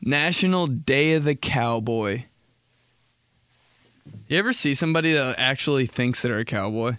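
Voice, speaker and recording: Young man, podcast host, casual profane rambling, mid pitch, dry close recording. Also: moderate pace, a bit bright, smooth, dry recording. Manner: rambling, profane storytelling with impressions. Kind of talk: casual solo comedy podcast.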